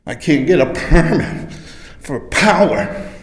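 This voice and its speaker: A man's voice: fairly high pitch, lively intonation, slow pace. A man in his sixties, emotional and frustrated, pleading his case during public comment at a city council meeting. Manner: earnest, frustrated and pleading, growing forceful. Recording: echoey council chamber with long reverb.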